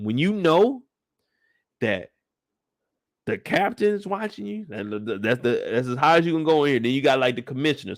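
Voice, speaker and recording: A man hosting a casual live chat, telling the story in an animated way with plenty of cursing. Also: medium pitch, no echo, clean studio sound. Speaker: show host recapping a TV episode.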